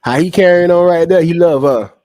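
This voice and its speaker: A man's voice: a little high, fairly quick, a little mellow, no room sound, clean studio sound. A man hosting a casual livestream, talking loosely with lots of slang, repetition and profanity. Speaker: online commentary host. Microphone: streaming setup mic.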